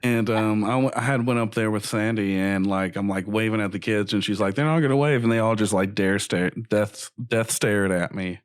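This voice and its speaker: A man co-hosting a podcast who talks in an unhurried way, laughs easily and fills pauses with ums. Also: fairly low pitch, level tone, clean tone, no echo, studio quality. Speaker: podcast co-host. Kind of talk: casual comedic chat.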